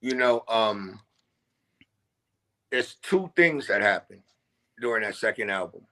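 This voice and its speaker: A man's voice: on the low side, lively intonation, slow, pushed and bright. A man who is a guest rapper, telling his story in an interview in a reflective, laid-back way. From New York.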